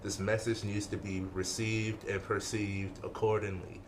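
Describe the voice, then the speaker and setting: A man's voice: on the low side, flat delivery, unhurried, slight background noise. A man giving an informal motivational lesson, emphatic, repeating his points and checking in with the listener. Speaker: life-skills speaker.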